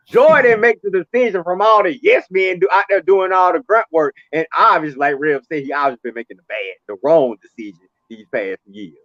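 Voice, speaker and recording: A man on a sports talk show who talks animatedly and chimes in with quick agreement. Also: fairly high pitch, lively intonation, no echo. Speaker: co-host. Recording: dry dull lo-fi sound.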